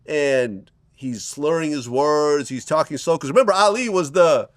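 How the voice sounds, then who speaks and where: A man's voice: on the high side, normal speed, dry recording, clean studio sound. A man hosting an interview, leading the talk by recounting stories to prompt his guest. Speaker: interviewer, host. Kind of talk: conversational interview.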